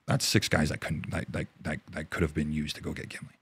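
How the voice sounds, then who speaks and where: A very deep, gravelly man from Canada talks through a war story as an interview guest. His voice is husky, with a rough fry on it. He swears freely and often breaks off mid-sentence to start again, and the recording is close and dry. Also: level tone, dry recording. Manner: profane, halting, restarts often. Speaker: interview guest, army veteran.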